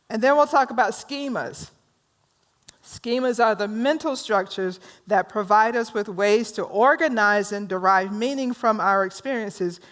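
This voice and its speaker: A woman with a mid-range, slightly bright voice speaks with a Southern drawl. She's a minister from rural North Carolina leading a workshop in a conversational style, teasing her audience with questions.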